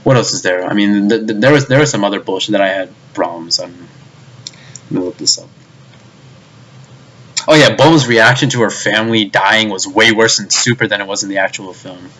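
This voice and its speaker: A man's voice: fairly low pitch, fairly quick, a bit bright. A young man ranting in a video review, exasperated and profane, often stumbling over his words and restarting. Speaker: anime reviewer.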